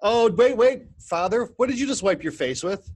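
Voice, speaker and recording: A man's voice: high voice, animated, normal speed, husky. A man co-hosting a podcast, teasing and playful in casual chat. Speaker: podcast co-host.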